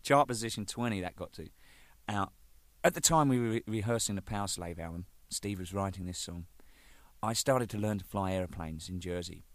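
A man's voice: deep voice, brisk, no room sound. A man telling band stories in a casual, swearing, laughing way. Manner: animated, swearing, laughing, shouting out quoted lines. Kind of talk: casual storytelling monologue.

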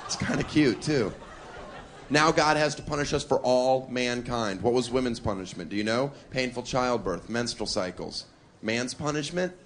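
On a club stage, a man with a mid-range, slightly bright voice performs stand-up comedy. His act is brash and provocative, taunting the audience amid the crowd's laughter and noise in this live recording.

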